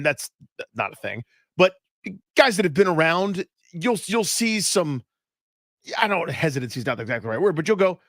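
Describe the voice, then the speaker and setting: A man co-hosting sports talk radio, trading quick jokes and opinions. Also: a little high, big pitch swings, fairly bright tone, dry recording, studio quality. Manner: fast, joking banter with quick asides.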